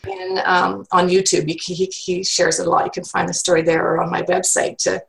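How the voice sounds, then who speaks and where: Gravelly low-voiced woman telling her story. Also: completely flat delivery, brisk, a bit bright, rough recording. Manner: earnest, reflective storytelling with restarts. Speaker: guest. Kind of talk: personal faith story in an interview.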